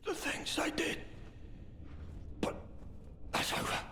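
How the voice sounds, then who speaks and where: An actor playing a frightened, half-drugged male survivor in a video game, pleading and rambling in broken, repeated words. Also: slow. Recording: game audio over loud ambient noise.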